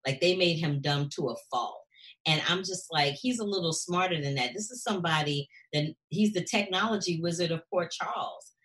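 Chatty woman recapping, lower voice. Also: moderate pace. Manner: animated, acts out characters' lines. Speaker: show co-host. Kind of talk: casual recap chat.

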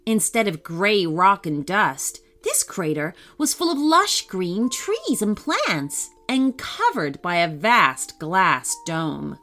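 A woman narrating a children's story in an expressive, gently animated way. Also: mid-range voice, slow pace, hardly any pauses.

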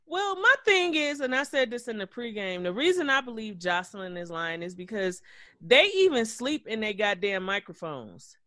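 Bright-voiced man recapping reality TV. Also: sits high, normal speed, no room sound. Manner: animated, gossipy, profane storytelling. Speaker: podcast co-host. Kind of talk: casual reality-TV recap chat.

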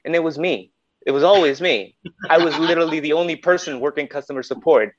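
A man whose first language is Spanish, chatting as a podcast guest in a relaxed, joking way with some stammered restarts. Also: on the high side, fast talker. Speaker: podcast guest, voiceover artist. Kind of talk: casual chat. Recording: dry, slightly dull sound.

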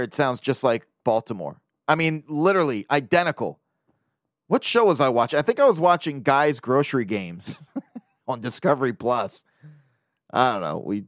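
A podcast host runs through baseball news in a casual, profane sports-podcast monologue, swinging between animated bursts and low, mumbled asides. The sound is clean studio audio with no room sound.

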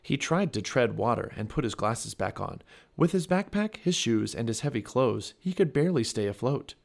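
A man's voice: medium pitch, normal speed, vocal fry. A man reading a children's chapter book aloud for a family podcast, telling it expressively. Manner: expressive storytelling.

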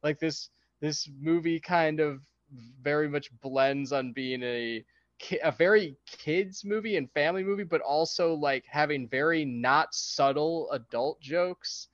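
A man co-hosting a podcast, chatting casually about a movie in an animated way and laughing often. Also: measured pace, no echo, dull audio. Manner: animated, acts out quotes in high silly voices, laughs often. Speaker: podcast co-host.

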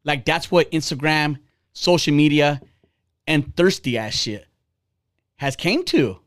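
Speaking slowly with a fairly high, expressive voice, a man in his forties hosts a podcast and goes on a blunt, heated, profanity-laden rant in a casual style.

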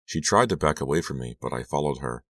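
Super deep guy reading an audiobook, steady storytelling, dead dry sound. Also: quick pace, vocal fry, no echo. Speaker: audiobook reader. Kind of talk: scripted first-person narration.

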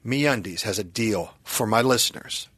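A man's voice: on the low side, normal speed, slightly rough, no echo. A man hosting a podcast, bantering casually and reading an ad in a jokey, playful way. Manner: jokey, playful, breaks into mock shouting. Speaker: podcast host.

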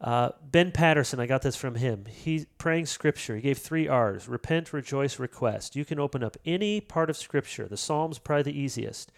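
Male interview guest, mid pitch, animated storyteller who acts out quotes. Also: moderate pace, creaky, hardly any pauses. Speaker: author and pastor guest. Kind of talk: casual interview talk.

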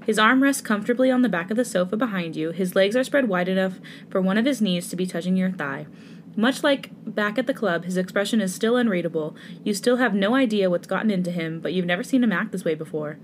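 A woman's voice: medium pitch, brisk, a little hiss or hum. A woman narrating a fanfic aloud in a casual way, laughing now and then. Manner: casual, breaks into laughter while reading. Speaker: fanfic reader.

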